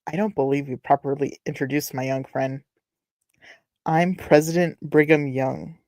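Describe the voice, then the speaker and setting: A woman's voice: low-pitched, fairly even intonation, normal speed, darkish tone, dry recording, close to an everyday voice. A woman voicing a courteous older man in his sixties who leads a pioneer wagon train, read aloud from a novel. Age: 60s. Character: kindly older male pioneer wagon leader.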